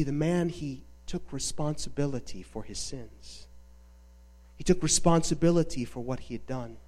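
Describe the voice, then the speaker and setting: A man preaching a sermon, dramatically retelling a film with emphatic pauses. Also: on the high side, dark tone. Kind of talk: sermon storytelling.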